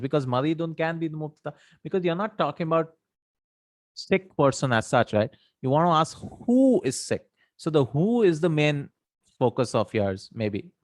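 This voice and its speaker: A man's voice: mid-range voice, no room sound, studio quality. Man teaching Arabic grammar in English. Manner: explains step by step, asks and answers his own questions, many tag questions. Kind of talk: live online grammar lesson.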